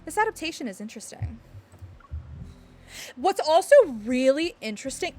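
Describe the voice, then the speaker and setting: A woman streaming, chatting excitedly and rambling, with frequent laughs and apologies. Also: high voice, normal speed. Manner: gestures and hits the desk when excited. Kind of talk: excited livestream chat reacting to a game. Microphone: desk mic picking up thumps.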